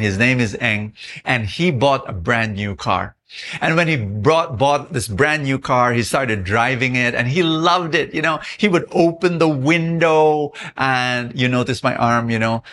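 A middle-aged man with a Filipino accent, preaching a Christmas devotional and telling a story with lively, repetitive emphasis. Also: medium pitch, a little hiss or hum. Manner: animated storytelling, repeats words and restarts.

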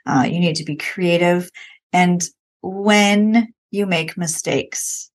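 Art teacher lady on a chat show, earnest and reflective, does excited voices now and then. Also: on the low side, slow. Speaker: elementary art teacher, guest. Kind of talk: casual conversational interview.

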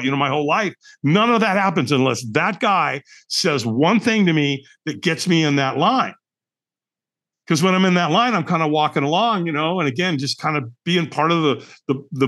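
Animated middle-aged man telling a story. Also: on the high side. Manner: animated, acts out dialogue, emphatic repetition. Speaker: podcast guest. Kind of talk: storytelling in conversation.

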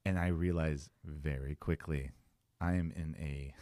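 A man telling a long story in casual chat, acting out the people he quotes with big jumps in pitch. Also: fairly even intonation, unhurried, dark tone, dry recording, studio quality.

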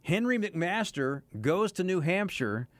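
A man's voice: sits high, big pitch swings, measured pace, no echo. A man hosting a morning radio show, chatting casually about politics and chuckling between points. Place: radio studio.

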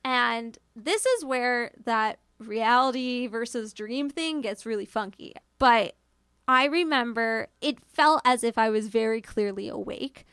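A young woman tells a personal ghost story in a loose, chatty way, full of fillers and casual swearing, acting out her own lines as she goes. Her voice sits a little high with plenty of gravelly fry. The sound is dry and close, with no room echo. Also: lively intonation, unhurried, a bit bright.

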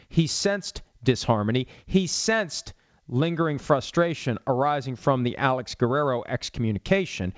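A man's voice: mid-range voice, no echo, muffled recording. A man hosting a solo sports talk show in a studio, arguing with sarcasm and pointed rhetorical questions. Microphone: studio mic with cough button.

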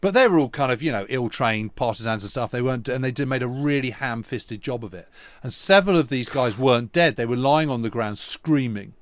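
Man, earnest storyteller, mid-pitched voice, dry close sound. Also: expressive, brisk, no echo. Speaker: historian and podcast co-host. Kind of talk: conversational anecdote.

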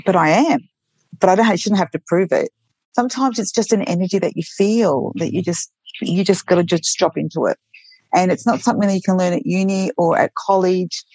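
A nurse recounts heartfelt stories from her job in a reflective interview, earnest and often starting her sentences over. Her voice sits on the low side, with a darkish, breathy tone and no echo.

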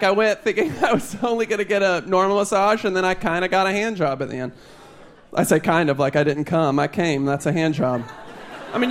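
A young gay man performing a stand-up comedy set, telling a story with animated, exaggerated bursts. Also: high-pitched, slight background noise. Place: comedy stage before a live audience.

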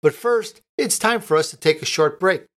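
A man hosting his radio interview show, reading intros and links in a smooth, scripted manner. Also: a little high, normal speed, a bit bright. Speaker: show host.

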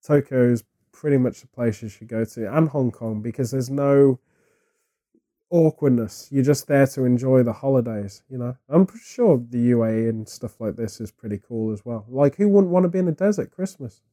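A man's voice: medium pitch, moderate pace. A man co-hosting a podcast who chats in a rambling, joking way and says he has a cold. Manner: rambling, jokey, animated asides. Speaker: podcast co-host. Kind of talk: casual podcast chat. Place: living in Japan.

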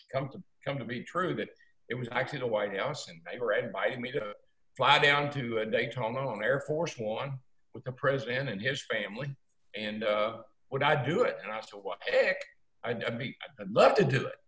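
A man's voice: mid-range voice, normal speed, roomy sound, rough recording. Folksy older man telling a story. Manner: folksy, animated, acts out quotes. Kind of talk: casual storytelling.

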